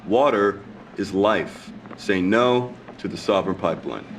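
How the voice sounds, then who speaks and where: A man's voice: sits low, unhurried, distant mic, background noise. A man in a game role giving a scripted, earnest activist statement. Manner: earnest, urging. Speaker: protest video speaker.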